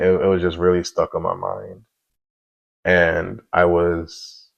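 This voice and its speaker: A man's voice: low voice, creaky, muffled recording. A man in his thirties giving a candid personal faith testimony, earnest and confessional, with many "you know" asides. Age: 30s.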